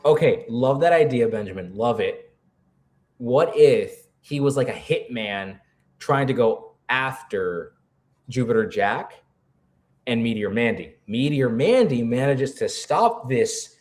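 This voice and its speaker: A man co-hosting a live character-creation stream, chatting casually and rambling with lots of filler words. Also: medium pitch. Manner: rambling, animated, full of "like" fillers. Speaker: co-host.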